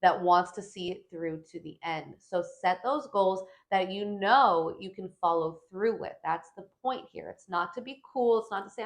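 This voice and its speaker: Animated woman giving a weekly forecast. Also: mid-range voice, moderate pace, hardly any pauses. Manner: animated, emphatic, frequent "right?" asides. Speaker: astrologer.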